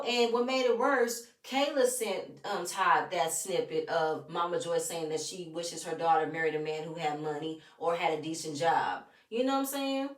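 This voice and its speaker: A woman recapping a reality show in casual commentary, animated and opinionated, often talking straight at the people she discusses. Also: medium pitch, recorded from a distance. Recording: roomy echo, off-mic.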